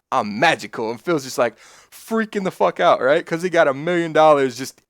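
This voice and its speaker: Rambling excitable streamer guy, dry sound. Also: medium pitch, brisk, no room sound. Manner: rambling, excitable storytelling, swears freely. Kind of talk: casual chat stream.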